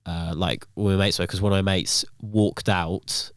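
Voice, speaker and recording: A young man talking casually as a podcast guest, rambling through stories and filling the gaps with "um" and "like". His voice sits low and comes out smooth and clear. The sound is dry and close. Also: fairly even intonation, moderate pace, no room sound. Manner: rambling, filler-heavy storytelling.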